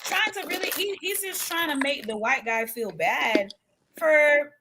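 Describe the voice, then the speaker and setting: A woman's voice: high-pitched, expressive, a little slow, heavy background noise. A woman co-hosting a casual talk show, retelling an online argument and acting out the quotes, laughing often. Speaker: podcast co-host. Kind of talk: casual chat.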